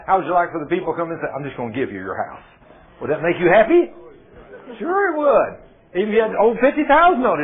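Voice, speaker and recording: A man preaching a sermon, firing rhetorical questions at his listeners and retelling scripture with quoted dialogue. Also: fairly high pitch. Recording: tinny phone-like radio broadcast.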